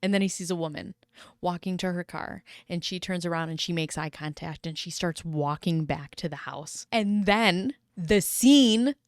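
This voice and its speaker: A young adult woman retelling a story in a casual, dramatic and expressive way. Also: fairly low pitch, moderate pace, no room sound, studio quality. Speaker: video commentator.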